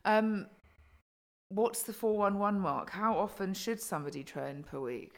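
A woman's voice: mid-range voice, lively intonation, unhurried, creaky. A woman co-hosting a podcast in casual chat, chatty and sweary, with lots of ums and likes. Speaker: podcast co-host.

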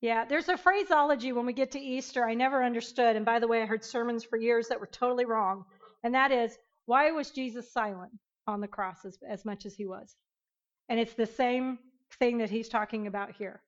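A woman teaching an interactive Bible lesson, emphatic and animated, questioning her class. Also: on the high side, a little fast, lo-fi sound.

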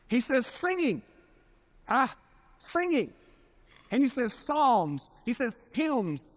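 A male pastor delivers a sermon in a fairly high-pitched voice. He preaches emphatically, slows down to stretch out key words and swells loud, then drops into folksy asides. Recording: archival 1992 sermon recording.

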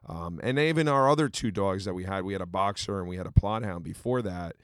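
A middle-aged man chats in a casual, earnest way, filling his stories with pauses and small restarts. His voice sits fairly low. The sound is dry and close, with no room around it. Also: clean tone, dry recording. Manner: earnest, storytelling, many fillers. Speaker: podcast co-host. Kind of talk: casual chat.

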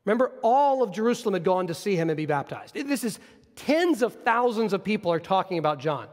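A man's voice: sits high, very animated, a little fast, a little mellow. A male pastor delivering a sermon in an earnest, explanatory way, with frequent restarts, in a church. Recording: long reverb of a large hall.

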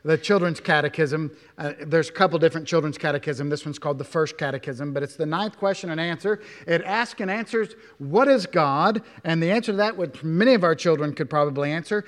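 A male pastor delivers a sermon in a church, his voice sitting a little high for a man. He punches key words, then falls to near-whispers and asks his listeners many questions. The sound rings with a long hall reverb. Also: quick pace, hardly any pauses. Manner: emphatic, swings between loud stresses and hushed asides, many rhetorical questions.

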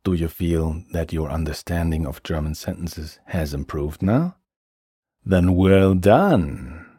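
A man teaching a grammar lesson, explaining slowly and clearly with examples. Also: sits low, animated, dark tone, dry recording, studio quality. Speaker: language teacher.

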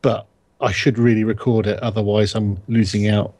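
A man's voice: lowish voice, moderate pace. A man hosting a casual group chat, laughing often and reading out viewer questions. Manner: relaxed, laughs often, reads questions aloud.

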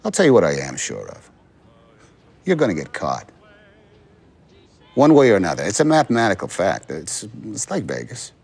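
An actor playing a stubborn middle-aged FBI agent in a film scene, speaking bluntly and insistently. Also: male voice, low-pitched, wildly swooping pitch, moderate pace, vocal fry, pauses often, a little mellow, husky, full character voice. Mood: stern. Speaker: federal agent.

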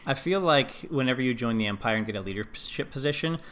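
A man co-hosting a podcast, chatting casually and slipping in playful jokes. His voice sits at an ordinary middle pitch. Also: lively intonation, fast talker, fairly bright tone. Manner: jokey, playful asides. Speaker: podcast co-host. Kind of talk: casual chat.

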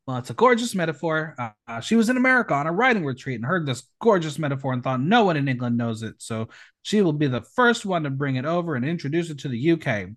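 Lively, high-pitched male podcast host. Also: fast talker. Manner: animated, reads recap with playful asides. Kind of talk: reality show recap podcast.

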